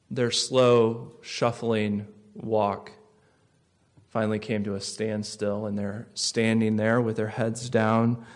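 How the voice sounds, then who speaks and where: A male pastor giving a sermon, telling the story vividly and dropping to soft, slow phrases for effect. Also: medium pitch.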